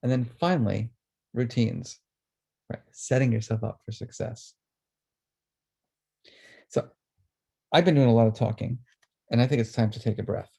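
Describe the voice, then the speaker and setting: A man presenting a webinar on emotions, speaking earnestly and then guiding listeners through a calm, slow breathing exercise. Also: medium pitch, gravelly, breathy edge.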